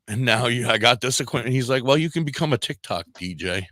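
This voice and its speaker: Speaking fast with hardly a pause, this medium-pitched man tells a story casually on a podcast mic, animatedly acting out the dialogue he quotes. He's a podcast guest and radio DJ, and there's no echo.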